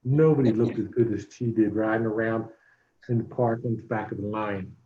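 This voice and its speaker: A bragging, grandiose animal-park owner, as a man plays him, full of himself. The voice is middle-pitched. The audio comes through a muffled, echoey video call. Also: steady tone, a little fast, warm tone, natural voice. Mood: boastful. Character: boastful male animal-park owner, self-obsessed showman. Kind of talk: reading a murder-mystery party script.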